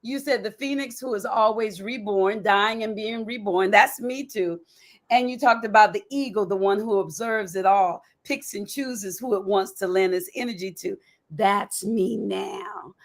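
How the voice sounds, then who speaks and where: A woman hosting a podcast, talking in a lively, enthusiastic and emphatic way. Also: mid-range voice, unhurried. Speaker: podcast host. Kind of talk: casual interview talk.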